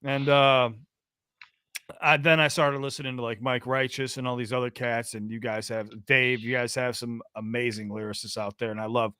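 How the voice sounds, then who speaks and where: An American man hosting a call-in podcast, talking casually and excitedly, often restarting his phrases. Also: medium pitch, moderate pace, clear, resonant tone, no echo, clean studio sound. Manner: chatty, repeats himself and restarts phrases. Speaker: podcast host taking calls.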